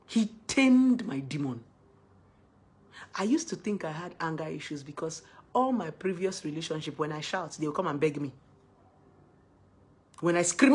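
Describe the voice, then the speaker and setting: Emphatic husky-voiced woman giving advice. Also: lowish voice, fast. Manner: emphatic, swinging between loud exclamations and soft asides. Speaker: relationship advice vlogger. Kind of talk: casual monologue to camera.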